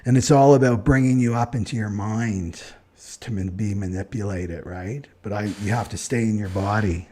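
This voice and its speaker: A man who is an astrologer, chatting in a relaxed way on a live stream as he answers viewer comments, often adding "right?" and short laughs. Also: lowish voice, moderate pace, breathy edge. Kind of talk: live-stream talk and chart reading.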